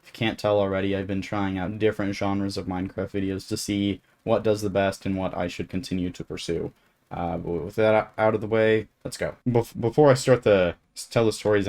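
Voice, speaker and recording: A teenage guy telling a camp story as narration over gameplay, rambling with lots of fillers and restarts. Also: lowish voice. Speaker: gaming YouTuber.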